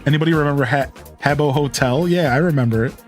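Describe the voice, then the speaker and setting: A man's voice: on the high side, fast, faint music behind. A man in his thirties, a live streamer chatting casually while playing a game and telling rambling, candid stories full of restarts. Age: 30s. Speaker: live streamer and show host.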